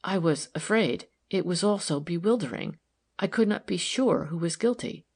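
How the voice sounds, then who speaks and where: A woman reading the part of an anxious, guarded wife who speaks in a hushed, hesitant way, in an audiobook. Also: fairly low pitch, expressive, moderate pace, breathy edge.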